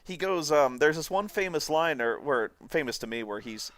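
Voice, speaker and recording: A man's voice: on the high side, moderate pace, no echo. A man giving a casual, rambling commentary on a video, often laughing as he talks. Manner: rambling, laughing, lively storytelling.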